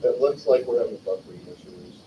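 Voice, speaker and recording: A Californian in his forties, speaking fairly quickly in a dark, lowish voice, delivers rambling personal anecdotes at a livestreamed memorial, often correcting himself as the eulogy speaker. The distant mic adds roomy echo and faint noise.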